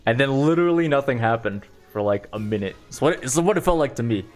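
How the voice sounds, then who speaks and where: A man's voice: mid-range voice, expressive, quick pace, faint music behind. A young man streaming, rambling casually through stories with lots of fillers and self-deprecating asides. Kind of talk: casual storytelling on a live stream.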